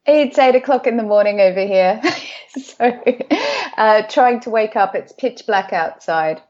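Woman author calling in from home, laid back, laughs a lot, middle pitch, sound a bit muffled and lo-fi. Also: measured pace, darkish tone. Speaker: author, guest. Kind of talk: casual interview chat. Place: home in rural Scotland, remote call.

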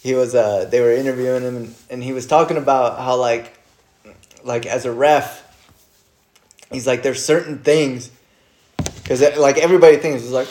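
Casting: excitable guy reacting to a fight, swears a lot, roomy echo on the mic. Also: mid-range voice, normal speed, pauses often. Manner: excitable, swears, laughs often. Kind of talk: casual fight-watching chat.

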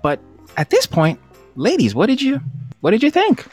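A man hosting a playful tongue-twister game on a video call, upbeat and quick to laugh. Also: slightly rough, soft background music. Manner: upbeat, laughs often, very lively pitch. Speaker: host. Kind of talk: game show banter.

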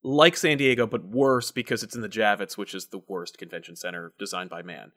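A man hosting a casual chat, telling animated stories full of swearing and acted-out voices. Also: a little fast. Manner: animated storyteller, swears, acts out voices with big pitch jumps. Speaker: podcast host.

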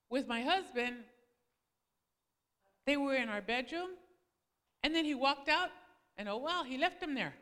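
A high, bright woman's voice delivers a sermon-style testimony, telling her story with animated swings, dropping low and quiet, then leaping up as she acts out quoted arguments. The sound carries a long hall reverb. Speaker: preacher's wife speaking to a congregation.

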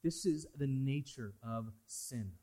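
A pastor with a medium-pitched voice delivers a slow sermon to his congregation. He swings between loud, pressing emphasis and quiet, hushed asides.

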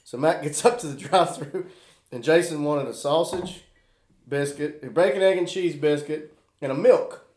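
A man's voice: fairly high pitch, normal speed, a little mellow. A man telling a rowdy, profane story in casual chat, laughing through his punchlines. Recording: echoey room.

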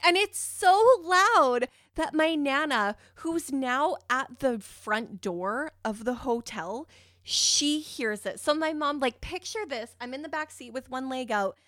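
A woman telling a personal story in a casual, animated way, giggly and swearing freely. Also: high voice, slow, dry recording, clean studio sound.

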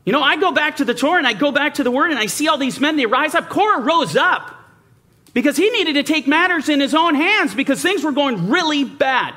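A man's voice: very high voice, lively intonation, fairly quick, sharp tone. A man preaching a sermon, emphatic, asking rhetorical questions and mimicking doubters. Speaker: Bible teacher.

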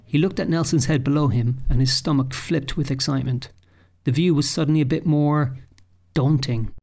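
A man's voice: fairly high pitch, fairly even intonation, moderate pace, gravelly, warm tone. Man narrating a children's storybook.

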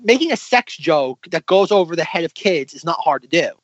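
A man's voice: on the high side, expressive, brisk, husky, dry recording, lo-fi sound. A man in his twenties chatting casually as a co-host, enthusiastic, often stumbling and repeating words. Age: 20s. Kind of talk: casual chat.

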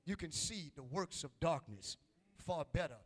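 A man's voice: a little high, expressive, moderate pace, long reverb tail. A man preaching a sermon, calling out to his congregation with rising and falling intensity. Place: church.

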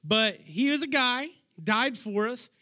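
A friendly, easygoing apostle from a Bible story, as a preacher voices him, talking in relaxed modern slang. The voice sits fairly high. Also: male voice, measured pace, exaggerated voice. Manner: casual slangy talk.

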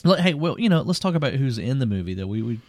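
A man co-hosting a podcast, chatting casually about an old cult film, rambling and animated and laughing often. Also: mid-range voice, quick pace, no room sound, studio quality. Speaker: podcast co-host.

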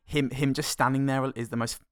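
A man's voice: medium pitch, a little fast, dry recording, clean studio sound. A man, co-hosting a casual comedy film review, sarcastic and sweary. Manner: sarcastic, swears, deadpan jokes. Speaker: podcast co-host.

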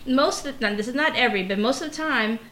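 A woman's voice: a little high, fast, a bit bright. Woman guest in a roomy space. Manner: reflective, candid, many restarts. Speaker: guest, pharmacy professor. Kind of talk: conversational interview. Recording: roomy with faint background noise.

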